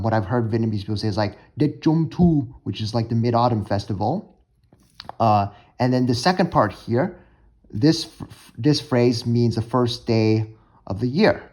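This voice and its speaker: A man's voice: mid-range voice, fairly even intonation, normal speed, a little mellow. A young man casually explaining vocabulary and pronunciations in a language-learning lesson, talking with many fillers and restarts. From United States.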